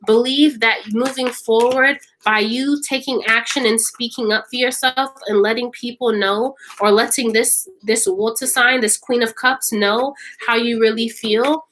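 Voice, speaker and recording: A woman's voice: on the high side, a bit bright, slight background noise, low-quality recording. A woman reading tarot cards for viewers in an emphatic, repetitive way, often checking in with "okay?". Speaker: tarot reader.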